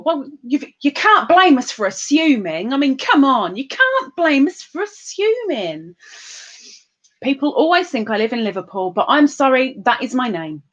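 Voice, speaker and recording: A woman's voice: sits high, highs cut off. A woman, hosting a livestream and chatting casually as she reads out and greets viewers' comments in a sing-song, giggly way. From England. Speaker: livestream host.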